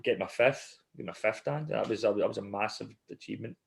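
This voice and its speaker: A man's voice: fairly low pitch, brisk, gravelly. A man co-hosting a casual podcast, telling anecdotes animatedly and laughing as he goes. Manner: animated storyteller, laughs through his anecdotes. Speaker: podcast co-host.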